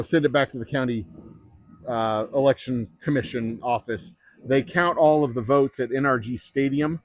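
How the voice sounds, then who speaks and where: A man's voice: medium pitch, dry recording, lo-fi sound. A man chatting casually on a livestream, rambling and joking with many fillers. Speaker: distillery owner livestreaming.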